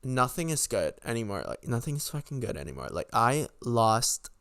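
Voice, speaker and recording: A young man rants through a casual storytime, piling on fillers and curses as his disbelief spills out. His voice sits at a middling pitch and comes across smooth and clear. The recording is dry and close. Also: sing-song, moderate pace, a bit bright, no room sound. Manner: rambling, heavy filler words, frequent swearing; exasperated, incredulous. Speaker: podcast host.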